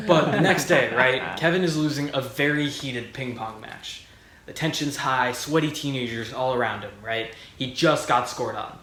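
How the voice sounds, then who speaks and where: A young man telling a stand-up comedy story in a deadpan way, acting out the people he quotes. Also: medium pitch, moderate pace. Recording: echoey room with crowd laughter.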